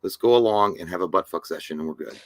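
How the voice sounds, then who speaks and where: A man's voice: sits low, fast, no room sound, clean studio sound. A young adult man co-hosting a live show, joking crudely with lots of hesitation and fillers. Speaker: podcast co-host. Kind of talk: casual live-show chat.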